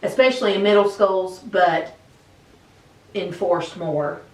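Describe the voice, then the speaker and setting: A woman's voice: mid-range voice, takes it slowly, darkish tone. A woman teacher answering interview questions in a conversational way, with frequent fillers. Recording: echoey room, mic at a distance.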